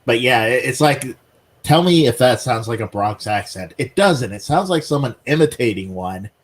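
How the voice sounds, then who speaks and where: A man co-hosting a podcast, chatting casually and explaining things in halting bursts full of "uh" and "like". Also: mid-range voice, lively intonation. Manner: halting, many fillers and restarts while explaining. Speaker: podcast co-host. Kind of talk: casual chat.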